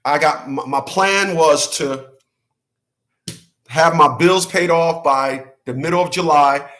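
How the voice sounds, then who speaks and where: A man with a notably high voice rants on his livestream, loose and profane. He repeats his points for emphasis and breaks into laughter between them. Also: slow pace, a bit bright. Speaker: channel host. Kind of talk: casual livestream rant.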